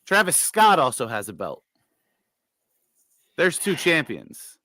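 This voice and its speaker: Host, man, bright tense tone, teasing casual chat. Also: a little high, huge pitch swings, takes it slowly, dry recording, studio quality. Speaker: podcast host. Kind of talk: casual chat reacting to wrestling.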